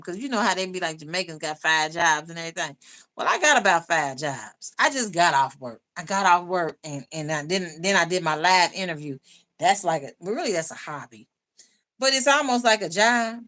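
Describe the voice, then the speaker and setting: A woman's voice: medium pitch, pushed and bright. A woman hosting a casual livestream, chatting loosely with viewers, laughing often and reading out their comments. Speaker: YouTube livestream host. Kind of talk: casual live chat with viewers.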